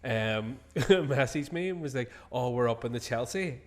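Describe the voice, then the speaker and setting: A man's voice: mid-range voice, lively intonation, unhurried, slight background noise. Sweary man telling stories. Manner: sweary, laughing storyteller. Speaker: podcast host. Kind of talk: casual chat.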